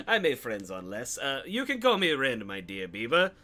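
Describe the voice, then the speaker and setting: A man's voice: medium pitch, wildly swooping pitch, moderate pace, bright, forceful tone. A man voicing a pompous nobleman adventurer who speaks in a grand, courtly, mildly condescending way.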